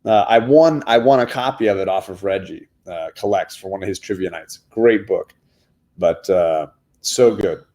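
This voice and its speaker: A man's voice: sits low, normal speed, dark tone. A man hosting a casual show reviewing comic books with his kids, talking enthusiastically and often restarting his words. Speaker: comic book show host.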